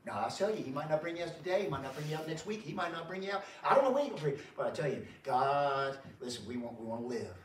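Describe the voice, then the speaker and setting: A man's voice: on the high side, sing-song, fast, hardly any pauses, a little hiss or hum. A man preaching a sermon as pastor, in a folksy way that keeps repeating itself, chuckling and calling his listeners folks. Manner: folksy, repeats himself, chuckles often, calls the crowd folks. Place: church sanctuary. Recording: roomy church sound from a distant mic.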